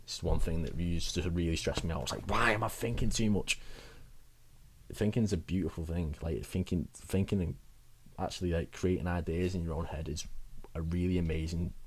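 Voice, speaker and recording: A man's voice: low-pitched, steady tone, brisk, warm tone, slightly rough. A young man giving rambling, chatty advice in a casual vlog, laughing at himself now and then. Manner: chatty, rambling, self-mocking with frequent laughs. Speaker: wellbeing vlogger.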